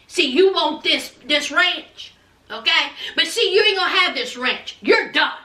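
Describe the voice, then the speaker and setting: A woman recapping a TV episode in an animated casual chat, chatty and sassy, calling viewers child and honey. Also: high voice, a little slow, distant mic. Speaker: TV recap vlogger. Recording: roomy echo, from off mic.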